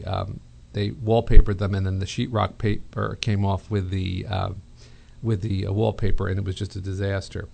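A middle-aged man hosting a call-in home design advice show, chatty and relaxed, with many fillers and restarts. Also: fairly low pitch, gravelly. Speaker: radio show host, interior designer.

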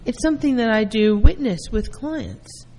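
A woman therapist giving a calm lecture, explaining terms through everyday first-person examples. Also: a little high, normal speed, big-room sound, rough recording. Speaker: therapist teaching.

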